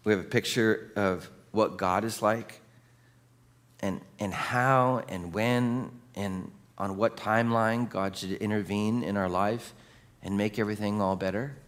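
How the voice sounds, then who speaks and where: A male pastor preaching a sermon in a lively, conversational way, cracking jokes and calling for responses from the congregation. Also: lowish voice, unhurried.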